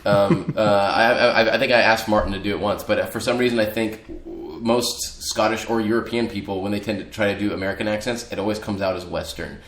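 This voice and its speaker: A low-voiced man rambles through casual stories, swearing and laughing often. The room has a noticeable echo around him. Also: fairly even intonation, brisk, hardly any pauses, a bit bright. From Bakersfield, California. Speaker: actor and podcast guest. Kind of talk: casual chat. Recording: echoey room.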